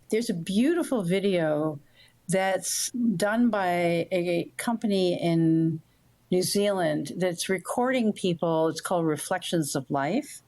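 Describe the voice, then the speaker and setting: An older woman, a guest author being interviewed on a podcast, speaks in a fairly low voice. Her storytelling is warm and roundabout.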